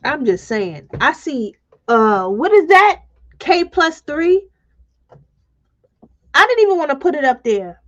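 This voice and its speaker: On a live stream, a woman talks bluntly and emotionally while reading viewer comments aloud. Her voice sits high and is very animated, moving at a slow pace with long pauses, and the stream audio is dull and lo-fi.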